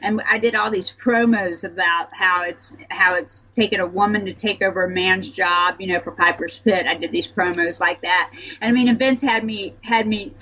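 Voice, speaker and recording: A middle-aged woman from the American South, telling stories as a guest in a casual interview, chatty and animated. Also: mid-range voice. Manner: chatty, animated, quick to laugh. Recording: slightly dull audio with faint noise.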